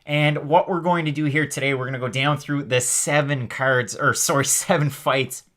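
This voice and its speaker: A man hosting a live MMA stream, talking fast and chatty with lots of fillers while reading out the chat. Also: on the high side. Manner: energetic, rapid, chatty with many fillers. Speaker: host of a live MMA show.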